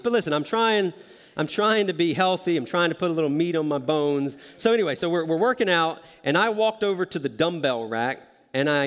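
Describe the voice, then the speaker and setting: A man's voice: fairly high pitch, in a large hall. A man preaching a sermon in a conversational, self-deprecating way, often joking with the congregation. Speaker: pastor.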